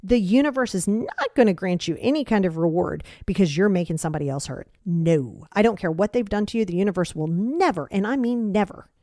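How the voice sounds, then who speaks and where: A woman's voice: mid-range voice, animated, fairly quick, few pauses, mellow, dry recording, studio quality. A middle-aged woman hosting a solo podcast, giving blunt, emphatic tough-love advice about emotions as a coach.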